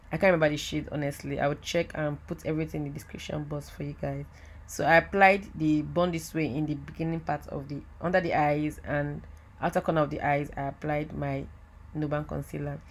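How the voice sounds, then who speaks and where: A woman giving a chatty, excitable voiceover for a makeup tutorial, talking straight to her viewers. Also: sits low. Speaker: makeup artist. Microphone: voiceover mic.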